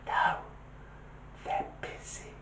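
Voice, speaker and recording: A man's voice: drawn-out words, fairly bright tone, roomy sound, recorded from a distance. A man voicing a small, sly child who answers the phone in terse whispers.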